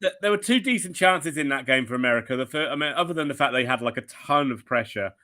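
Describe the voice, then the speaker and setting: A man's voice: medium pitch, animated, fast, pushed and bright. A man with an English accent, a soccer analyst chatting loosely about the match with casual slang. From England. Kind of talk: live match commentary chat.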